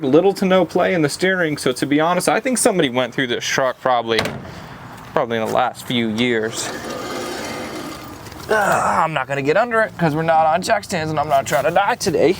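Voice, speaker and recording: A young man casually vlogging about a truck build, relaxed and peppered with "dude". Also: fairly high pitch, moderate pace. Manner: laid-back, says "dude" a lot. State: out of breath. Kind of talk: casual shop vlog talk. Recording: noisy outdoor camera audio.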